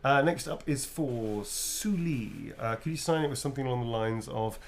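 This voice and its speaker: A man's voice: mid-range voice, fairly quick, vocal fry, few pauses, a little hiss or hum. A man who is an actor, chatting and joking as he signs autographs and reads out fan messages. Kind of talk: casual chat during a live signing.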